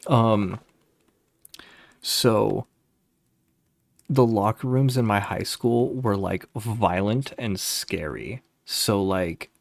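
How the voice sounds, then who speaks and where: A man with a somewhat low voice talks straight into a home desk mic. He tells stories to his live chat in a loose, rambling way. He swears freely and laughs at his own stories. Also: slow, creaky, no echo. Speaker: streamer. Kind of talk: casual storytelling to live chat.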